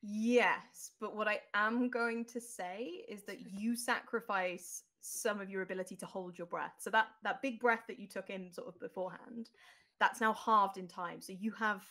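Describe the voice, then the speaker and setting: A woman's voice: medium pitch, steady tone, moderate pace, pushed and bright. A woman narrating a tabletop role-playing game as game master, descriptive with frequent ums.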